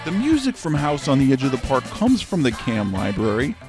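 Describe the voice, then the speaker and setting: A man's voice: medium pitch, wildly swooping pitch, fairly quick, over music. A man hosting a comedic review show, ranting about movies in a sarcastic, grumbling way. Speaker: host.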